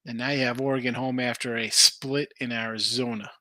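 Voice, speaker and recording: Casual male betting-show host, bright forceful voice, dry close mic, rambling and animated. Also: medium pitch, a little fast, no echo. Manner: animated, rambling, thinks aloud over betting lines. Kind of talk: casual live-stream chat reading viewer picks.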